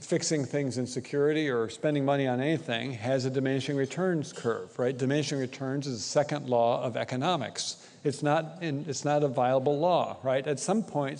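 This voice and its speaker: In an echoey conference hall, a male speaker with a mid-range, slightly mellow voice gives a conversational talk. He often tags his points with a question to the audience, repeatedly asking "right?"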